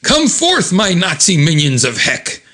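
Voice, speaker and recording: A man's voice: sits high, wildly swooping pitch, unhurried, pushed and bright, voice pushed up, exaggerated voice. A man voicing a scheming male comic-book sorcerer villain who chants a mock-menacing gibberish incantation. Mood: gloating.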